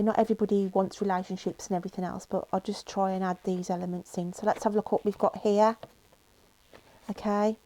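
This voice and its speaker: In this clip a woman with a warm, medium-pitched voice gives a tarot reading to her viewers. She sounds emotional and reassuring, uses lots of fillers, and keeps checking in with "okay?"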